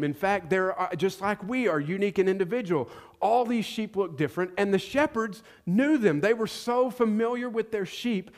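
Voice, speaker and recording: A man with a somewhat high voice preaches a sermon from the church pulpit. He talks conversationally and tells stories with light, self-deprecating jokes. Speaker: pastor. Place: church sanctuary.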